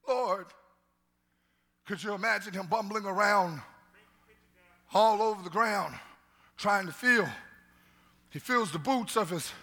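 A male pastor preaches with a bright, forceful voice that has a husky edge. He calls out to the congregation, stumbles into runs of repeated words and then surges into loud, climbing peaks. His pitch sits a little high for a man. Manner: call-and-response preaching, repeats words, rises to shouts. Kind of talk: sermon. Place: church sanctuary.

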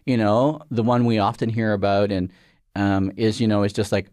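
Speaking at a moderate pace with fairly even intonation, this Canadian regulator in middle age answers interview questions earnestly, rambling and leaning heavily on fillers. His voice is on the low side and a little mellow. The recording is studio quality with no echo.

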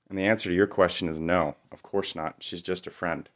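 Young guy, real deep low voice, reading his own memoir story, wry and confessional. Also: steady tone, normal speed. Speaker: narrator. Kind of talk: first-person memoir storytelling.

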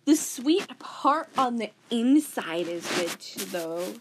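A woman's voice: fairly high pitch, sing-song, takes it slowly, heavy background noise. A woman hosting a casual solo podcast, giggly and dramatic, often laughing mid-sentence. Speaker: podcast host.

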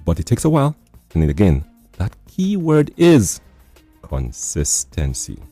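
Man, radio host, low voice, slightly husky, measured delivery, dry studio, faint music. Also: huge pitch swings, dark tone, dry recording. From Nigeria. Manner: measured, repeats and sums up guest's points. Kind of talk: radio health talk show.

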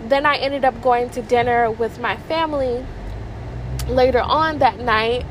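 A young woman with a high voice tells stories for her vlog. She is chatty and excitable and leans on lots of fillers. Faint noise sits behind her voice. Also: unhurried, poor audio. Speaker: vlogger. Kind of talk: casual vlog storytelling.

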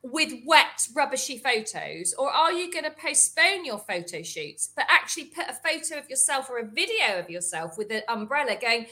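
A woman co-hosting a casual business chat, animated and exasperated, ranting with quick laughs. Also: high-pitched. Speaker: podcast co-host, estate agency owner.

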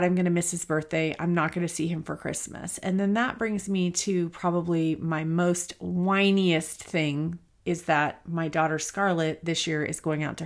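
A woman in her forties hosting her own podcast, talking candidly and emotionally while trying not to cry. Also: lowish voice. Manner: candid, emotional, thinking aloud. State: near tears. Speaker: podcast host. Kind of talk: personal solo podcast talk.

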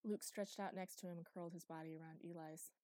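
A woman narrating an audiobook in an even, quiet reading voice on a close mic. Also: fairly low pitch, quick pace, no echo. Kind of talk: scripted narration.

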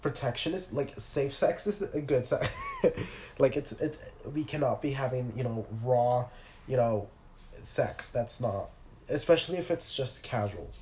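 A young man with a cold talks from his bed, his nasal voice mellow and a little dark. He rambles through a casual solo podcast, stumbling over restarts and fillers. The room around him gives a noticeable echo. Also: medium pitch, measured pace, a little hiss or hum. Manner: rambling, filler-heavy, self-interrupting. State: sick with a cold. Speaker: podcast host. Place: in bed at home.

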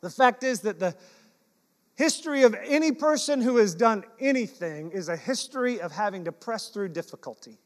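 A pastor with a high male voice speaks at a normal pace from the pulpit, sharing personal anecdotes that mix self-mockery with earnest exhortation. His animated, humorous storytelling echoes with the long reverb of the sanctuary.

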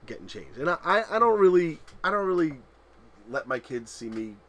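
A man in his thirties co-hosting a podcast, telling animated family stories in casual chat and laughing loudly at them. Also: a little high, normal speed. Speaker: podcast co-host.

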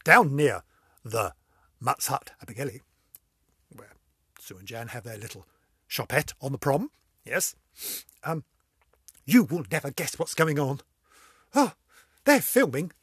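A woman's voice: rumbling low, animated, measured pace, long pauses, fairly bright tone, slightly rough, no echo, clean studio sound. An older woman hosting a casual vlog, telling corny jokes and giggling at them herself. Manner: giggly, laughs at her own jokes, self-mocking. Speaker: vlog host.

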